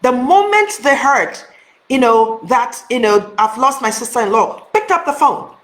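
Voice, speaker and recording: A woman's voice: sits high, very animated, unhurried, a bit bright. A woman hosting a motivational talk, speaking earnestly and emphatically straight to her viewers. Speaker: host. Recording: roomy echo.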